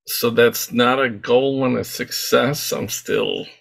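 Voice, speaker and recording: A man asking questions on a casual group call, halting and hesitant with many restarts. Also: mid-range voice, fairly even intonation, creaky, crowd noise.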